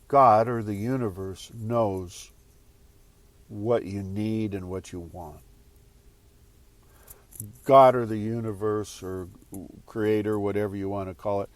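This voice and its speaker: A man's voice: lowish voice, slow pace, long pauses, dry recording. A man giving a casual motivational talk to viewers, rambling and repeating phrases as he goes. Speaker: spiritual speaker.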